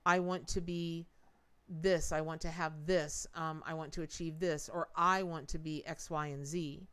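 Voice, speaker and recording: A tarot reader on a live stream speaks in a low, smooth, steady voice at a measured pace. She's chatty, repeats words for emphasis, and talks directly to her viewers.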